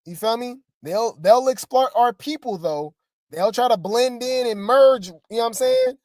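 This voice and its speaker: A woman's voice: on the high side, very animated, normal speed, mellow, no echo, clean studio sound. A woman hosting gossip commentary in a casual, sassy way, often repeating her phrases.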